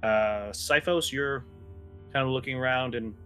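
A man's voice: medium pitch, unhurried, bright, forceful tone, clean tone, faint music behind. A man narrating a tabletop game as game master, casual and drawling, with fillers and swearing.

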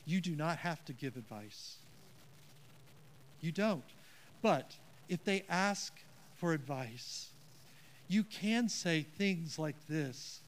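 A man's voice: a little high, expressive, takes it slowly, pauses often. A man preaching a sermon as pastor, earnest and emphatic, with a self-deprecating touch.

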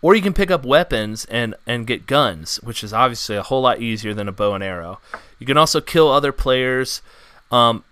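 Bright-voiced podcast host rambling casually. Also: male voice, medium pitch, expressive, fairly quick, clean tone. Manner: rambling, filler-heavy, upbeat. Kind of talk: casual gaming news chat.

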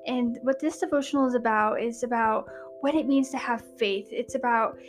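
Woman podcast host, earnest devotional reading, fairly high voice, soft music under. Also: fairly even intonation, normal speed. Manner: earnest, building to hushed emphasis.

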